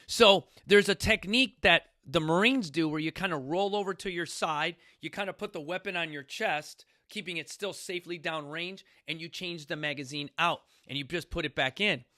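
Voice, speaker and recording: Animated man with a bright, high voice. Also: moderate pace, few pauses, dry recording, clean studio sound. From New York City. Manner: animated, repeats "you guys", acts out quotes. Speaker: fitness coach hosting a talk. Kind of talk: casual talk to a studio audience.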